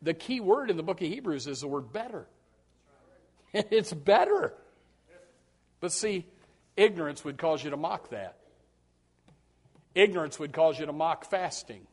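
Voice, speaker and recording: A man's voice: fairly high pitch, expressive, a little slow, long pauses, darkish tone. A man preaching a sermon to his congregation, acting out quoted voices and repeating words as he builds his points. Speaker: pastor.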